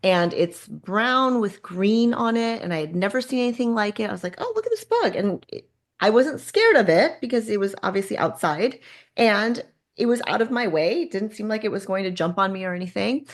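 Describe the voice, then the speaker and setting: A woman guest telling a personal story in conversation, animated and acting out the people in it. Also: mid-range voice, normal speed. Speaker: guest, artist.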